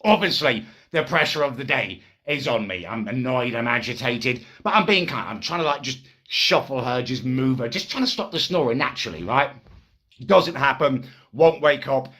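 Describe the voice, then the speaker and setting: A man's voice: medium pitch, lively intonation, normal speed, pushed and bright, breathy edge. A man telling a crude comic story in an indignant, exasperated rant. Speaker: comedic ranter. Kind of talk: ranting comic monologue.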